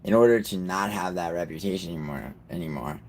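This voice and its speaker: Talking straight to his chat, a livestream host rambles casually and profanely with his viewers. His voice is low, fast and a little mellow, with a slight hiss or hum on the audio.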